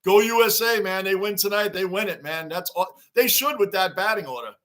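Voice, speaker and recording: A middle-aged man runs a casual livestream, reading fan messages aloud and shouting out greetings. His voice sits high and rings bright and forceful. He chuckles often and keeps things upbeat. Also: brisk.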